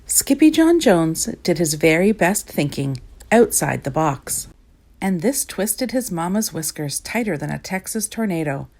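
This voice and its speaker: A woman reading a children's storybook aloud with lively, expressive narration. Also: on the low side, measured pace. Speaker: storybook reader.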